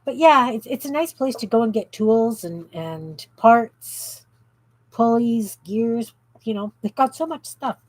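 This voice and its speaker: A Canadian woman hosts a craft livestream from her home craft room, chatting casually and reading viewer comments aloud as she works. Her voice is a little high with lively intonation and a slightly slow pace. The recording is rough.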